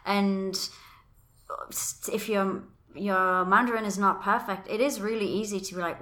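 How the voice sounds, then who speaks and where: A woman's voice: mid-range voice, fairly even intonation, measured pace, fairly bright tone. A woman co-hosting a casual chat. She gives her opinions freely and jokes at her own expense. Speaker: podcast co-host.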